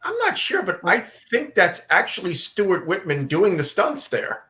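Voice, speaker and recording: A man co-hosting a commentary podcast over a video call. His voice is bright and forceful, and he drops in short, laid-back comments. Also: sits high, huge pitch swings, a little slow. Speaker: podcast co-host. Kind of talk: casual commentary chat.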